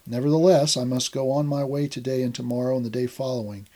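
A man reading a scripture passage aloud in a measured, formal way. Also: mid-range voice, fairly even intonation, mellow. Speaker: scripture reader.

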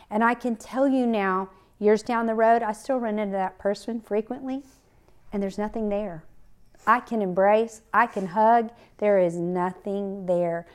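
A woman's voice: mid-range voice, steady tone, measured pace, clear, resonant tone. Earnest woman sharing a faith story. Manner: earnest, personal storytelling with scripture quotes. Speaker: podcast host. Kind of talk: faith-based podcast talk.

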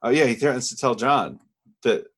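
A man co-hosting a podcast, casually recapping a TV episode from his notes in a relaxed, measured way. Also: mid-range voice, husky. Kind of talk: casual chat.

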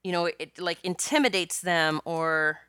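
A woman's voice: lowish voice, steady tone, a little slow, fairly bright tone, clear, resonant tone, no echo, clean studio sound. A woman hosting her own podcast as a spiritual coach, telling a personal story in a chatty, rambling way with many restarts and laughs. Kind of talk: casual solo podcast storytelling.

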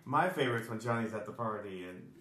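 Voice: medium pitch, animated, fast, fairly bright tone, roomy sound, a little hiss or hum. A podcast co-host chatting casually and laughing often. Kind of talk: casual chat.

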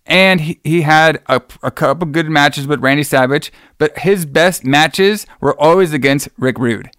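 A man's voice: fairly high pitch, a little slow, fairly bright tone, clear, resonant tone, no room sound, studio quality. Enthusiastic, rambling man chatting. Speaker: podcast host. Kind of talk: casual chat.

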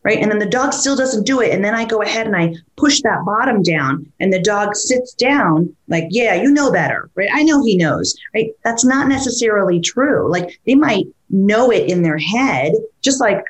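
A woman and dog trainer talking casually, lively, who keeps acting out what a dog or its owner would say. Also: medium pitch, moderate pace, hardly any pauses. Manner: animated, acts out dog and owner voices. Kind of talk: conversational podcast talk.

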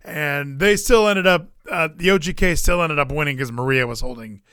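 On a casual podcast, an excitable male co-host rambles, swears freely, and corrects himself as he goes. His voice is bright, forceful, and a touch higher than usual, moving at a moderate, smooth pace. The recording is dry and close.

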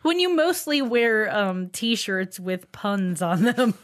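A woman's voice: mid-range voice, very animated. A woman co-hosting a comedy podcast, chatting and teasing her co-host. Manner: chatty, teasing, quick laughs. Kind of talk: casual comedic chat.

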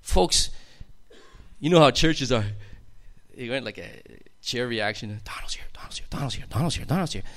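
A man's voice: mid-range voice, animated, moderate pace, a bit bright. A man telling his personal testimony to a congregation in an emphatic, storytelling way that builds to fervent outbursts. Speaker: testimony speaker.

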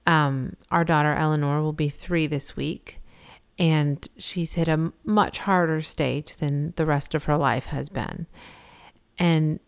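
Low-voiced woman, smooth and dry. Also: fairly even intonation, measured pace. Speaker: podcast co-host. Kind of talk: casual faith-based discussion.

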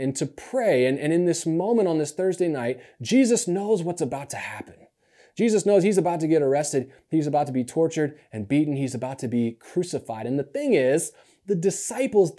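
A man preaching a sermon in a conversational, animated way, often restarting and repeating words. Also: high-pitched. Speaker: pastor.

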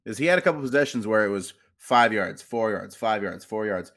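A man's voice: lowish voice, expressive, brisk, a bit bright. A man co-hosting a casual sports podcast, thoughtful and pushing back with questions. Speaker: podcast co-host.

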